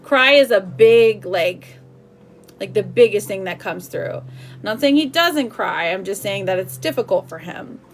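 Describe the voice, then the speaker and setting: Medium-pitched and expressive, this woman speaks at a measured pace while reading tarot on a live stream. She's chatty and loving with viewers, calling them sweetheart and babe, laughing and saying "like" a lot.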